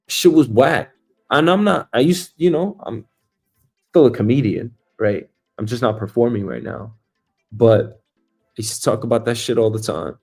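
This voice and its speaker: Man, comedian host, casual profane rambling, mid-pitched voice, faint music behind. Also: a little mellow. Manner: rambling, heavy swearing, frequent "like" fillers. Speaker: comedian host of a news talk stream.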